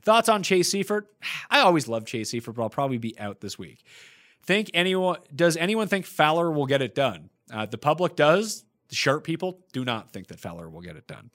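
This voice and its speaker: A man's voice: on the high side, big pitch swings, moderate pace, fairly bright tone. A man hosting a podcast in casual chat, answering listener questions one after another in a blunt, profane way. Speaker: podcast host.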